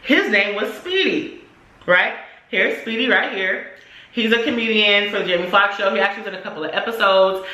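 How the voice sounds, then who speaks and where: A young adult woman vlogger telling a story casually, in animated, slangy, profane speech. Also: medium pitch, fairly quick. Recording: echoey room.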